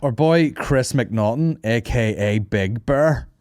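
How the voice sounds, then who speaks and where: A man's voice: mid-range voice, slow pace, a little mellow, no echo, clean studio sound. A man hosting a podcast, chatting casually with lots of swearing and joking. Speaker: podcast host. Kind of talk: casual chat.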